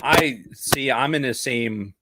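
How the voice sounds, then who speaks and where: A man's voice: mid-range voice, heavy background noise. A man co-hosting a podcast in casual chat, rambling with restarts and frequent swearing. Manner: rambling, profane, halting restarts. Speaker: podcast co-host.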